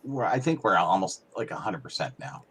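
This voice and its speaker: A man co-hosting a casual livestream chat, talking quickly and enthusiastically. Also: low-pitched, sing-song, fairly bright tone, breathy edge.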